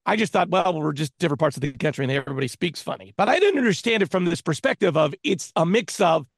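A man's voice: on the high side, expressive, fast, creaky, dry recording, studio quality. A man co-hosting a podcast, bantering and teasing his partner. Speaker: podcast co-host. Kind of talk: casual podcast chat.

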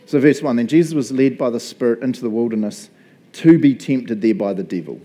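Male pastor, mid-pitched and mellow, relaxed conversational preaching, frequent laughs. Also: fairly quick. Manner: chatty, laughs often, asks "right?" a lot. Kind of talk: casual conversational sermon.

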